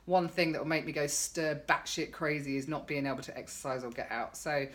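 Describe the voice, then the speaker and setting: A woman's voice: sits low, fairly quick. A middle-aged woman vlogging in a chatty, sarcastic way, telling her followers about her day. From England. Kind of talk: casual chat to camera.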